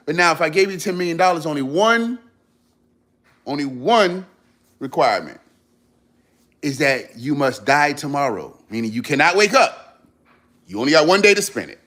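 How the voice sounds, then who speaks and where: A man's voice: a little high, big pitch swings, normal speed, pauses often, a bit bright. A man hosting a livestream, giving an earnest motivational talk to his viewers, repeating his points for emphasis in casual slang. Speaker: livestream host.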